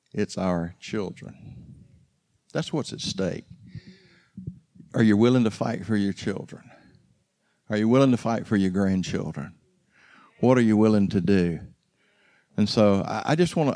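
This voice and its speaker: A man preaching a sermon with impassioned exhortation, repeated rhetorical questions, and swings between loud urging and quiet intensity. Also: fairly low pitch.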